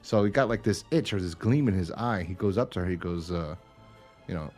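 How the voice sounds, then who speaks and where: A man's voice: low-pitched, fairly quick, a little mellow, faint music behind. A man co-hosting a casual podcast, recapping a TV episode in a rambling, profane way and acting out lines in raised voices. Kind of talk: casual chat.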